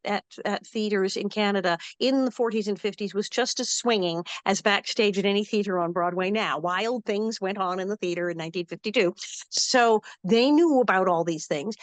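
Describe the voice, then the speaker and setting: An older actress in an animated interview, telling lively anecdotes and acting out quick quotes. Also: female voice, medium pitch, no room sound.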